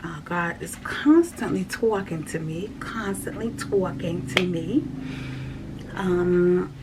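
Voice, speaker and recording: A woman giving a casual spoken faith check-in, earnest and repetitive, sometimes dropping to a soft whisper. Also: lowish voice, slow. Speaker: vlogger sharing a faith check-in. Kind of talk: casual spoken testimony to camera. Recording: faint background noise.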